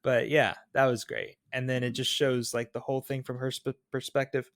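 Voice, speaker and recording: A man co-hosting a podcast, chatting casually about a film in a relaxed, slightly halting way. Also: medium pitch, dry recording, clean studio sound. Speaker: podcast co-host.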